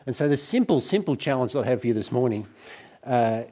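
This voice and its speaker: A middle-aged man preaching a sermon to a church gathering, conversational and warm in tone, with frequent restarts. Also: mid-range voice, animated, fast talker.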